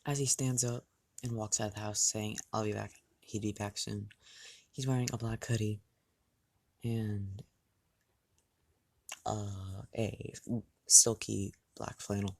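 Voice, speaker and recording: A man casually narrating a fan-made story, halting and rambling with restarts and asides. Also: fairly low pitch, flat delivery, gravelly, a little mellow, dry recording.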